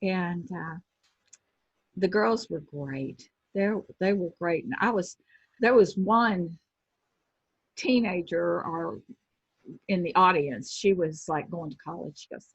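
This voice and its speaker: A husky, lower-voiced woman in her sixties recounts stories as an interview guest, a former pro wrestler who animates her anecdotes by acting out the people she quotes. The recording is dull and lo-fi, with a dry, close sound. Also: slow, pauses often, no echo. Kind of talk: casual storytelling interview.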